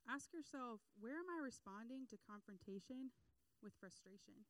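A young adult woman giving a casual sermon, animated, acting out quotes and laughing between points. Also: on the high side, normal speed, no echo, poor audio.

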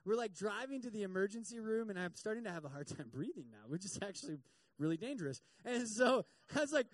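A man's voice: high voice, expressive, fast, no room sound. A man, a campus ministry pastor, telling a self-mocking story in a sermon and acting out the quotes.

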